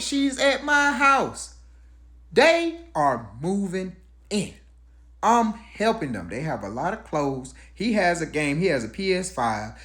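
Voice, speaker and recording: A man's voice: high voice, a bit bright. A man telling a personal story in a casual, conversational way, with rhetorical asides.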